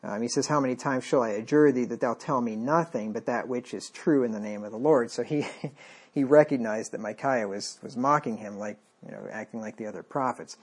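A man's voice: mid-range voice, brisk, breathy edge. A man preaching a conversational sermon, reading scripture aloud and wryly acting out the lines of the people in it. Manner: conversational, wry, acts out the king's lines.

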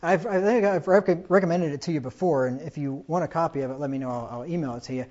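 Through a muffled recording comes a man's somewhat high, darkish voice, moving fast. He preaches a sermon conversationally, frequently asking "right?" and acting out dialogue from the stories he tells.

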